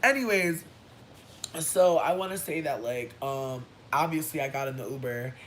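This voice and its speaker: Speaking at a normal pace with lively intonation, this man shares a personal story with his livestream audience in a sassy, dramatic way, peppered with slang. A low rumble runs underneath the recording.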